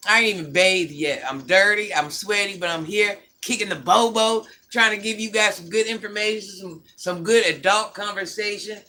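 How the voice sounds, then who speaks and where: A woman's voice: medium pitch, moderate pace, hardly any pauses, bright, forceful tone, slight background noise. An older woman hosting a casual livestream, bluntly scolding and answering viewer comments. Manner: sassy, scolding, blunt talk-back. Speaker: livestream host.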